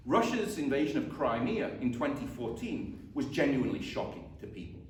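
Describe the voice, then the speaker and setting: A man's voice: mid-range voice, sing-song, moderate pace. British-accented man lecturing in a roomy hall. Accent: mixed British with Scottish and Baltic tinges. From born in the UK, raised in England. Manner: self-deprecating, with frequent fillers and repeated words. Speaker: visiting professor. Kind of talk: academic lecture. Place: lecture room. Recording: echoey room from far off, faint noise.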